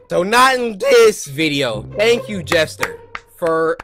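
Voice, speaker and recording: Joking young gamer with a cracking voice. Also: male voice. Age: 20s. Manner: loud, joking, voice cracking into high squeaks. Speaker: gaming YouTuber. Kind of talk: let's play commentary. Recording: game music playing under the voice.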